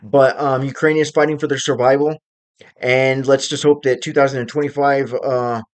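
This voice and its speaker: A man hosting his own channel, giving casual, unscripted commentary on current events and pausing often to find his words. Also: medium pitch, flat delivery. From United States. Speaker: channel host.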